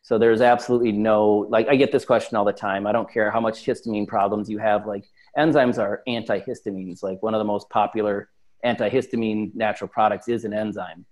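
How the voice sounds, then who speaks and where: A man's voice: on the low side, steady tone, a little fast, a little mellow. A man speaking as an interview guest in casual chat, talkative and full of fillers. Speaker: supplement company guest.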